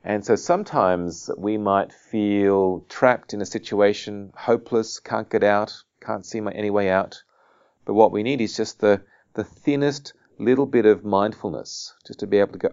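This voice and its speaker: A man speaks gently and quietly, guiding listeners through a dharma talk with a story folded in. His voice sits very deep. The recording is dull and muffled. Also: fairly even intonation, moderate pace, smooth. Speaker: meditation teacher.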